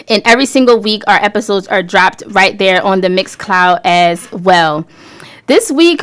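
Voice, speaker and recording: Smooth-voiced, upbeat woman radio host. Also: mid-range voice. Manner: upbeat, enthusiastic promotional delivery. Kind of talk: radio talk show hosting.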